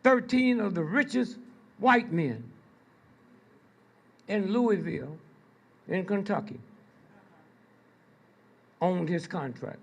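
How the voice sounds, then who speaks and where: Gravelly older man lecturing slowly. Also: high voice, expressive. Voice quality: gravelly, husky. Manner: prods the audience with repeated "Hmm?" and "Huh?"; slow, drawn-out delivery with pointed pauses. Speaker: speaker addressing an audience. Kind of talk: storytelling lecture to a live audience.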